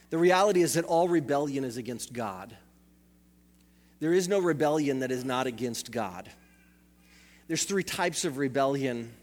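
A man preaching a sermon, telling family stories with animated acted-out voices and frequent repeated words. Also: medium pitch. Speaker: pastor. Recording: church hall reverb.

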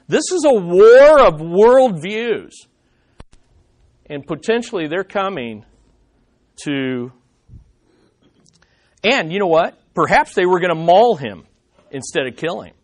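A man teaching a Bible study, emphatic, asking rhetorical questions and answering them himself. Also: high voice.

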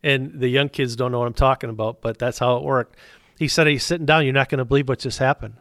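A man's voice: mid-range voice, steady tone, quick pace, fairly bright tone, dry recording, clean studio sound. A middle-aged man, a business owner telling his faith story as a guest, acting out both sides of the dialogue. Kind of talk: storytelling testimony.

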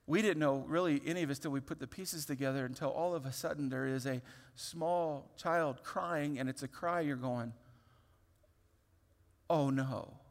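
A man in his thirties preaching a sermon, telling a personal story in a lively, open way with many restarts. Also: a little high, moderate pace. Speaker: pastor. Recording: long hall reverb.

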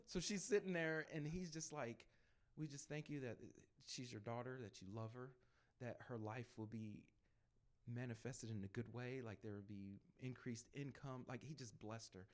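A man telling personal evangelism stories to a church group in a lively, conversational way, acting out the people he quotes. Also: mid-range voice, moderate pace. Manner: animated storytelling, acts out quoted voices. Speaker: church speaker sharing testimony.

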